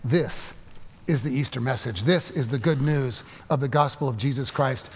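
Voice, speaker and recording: Emotive preacher in a reverberant hall. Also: male voice, mid-range voice, breathy edge. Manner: emotive storytelling with halting repetitions. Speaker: pastor. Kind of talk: sermon.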